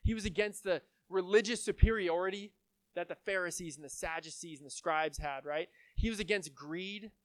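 A man's voice: high voice, normal speed, a bit bright, dry recording. A young adult man preaching a sermon from the United States in a casual, conversational way, often checking in with his listeners. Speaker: pastor.

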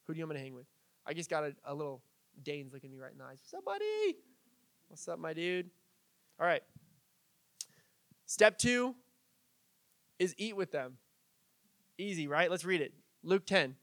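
A pastor from Southern California preaching a sermon in a casual, conversational way, full of asides. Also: male voice, high-pitched, a bit bright, no room sound.

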